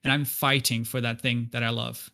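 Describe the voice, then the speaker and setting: A man's voice: medium pitch, level tone, normal speed, creaky, sharp tone. A man talking as a guest on a podcast. He speaks earnestly in a casual conversational way and often stumbles and repeats words as he restarts.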